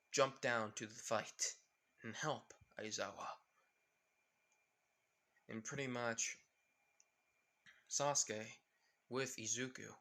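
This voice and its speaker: A man's voice: medium pitch, pushed and bright. A young man casually retelling a fan story, rambling with lots of restarts. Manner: rambling, full of fillers and restarts.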